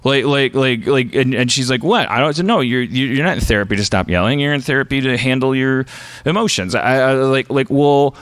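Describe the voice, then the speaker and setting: A man's voice: mid-range voice, a little fast, a bit bright. A man hosting a comedy podcast, delivering a profane, stammering rant monologue.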